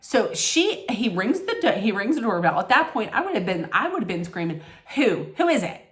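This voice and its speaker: A woman's voice: medium pitch, big pitch swings, fairly quick. A woman ranting casually in a vlog recap, blunt and emphatic, cursing freely and using plenty of fillers. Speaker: vlogger recapping a reality show. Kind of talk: casual rant.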